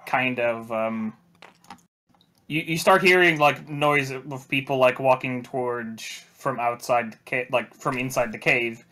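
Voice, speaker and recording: A man runs a tabletop session with a bright, forward voice. He narrates in halting bursts, circling back and restarting his sentences. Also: medium pitch. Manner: halting, full of restarts and fillers. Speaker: game master.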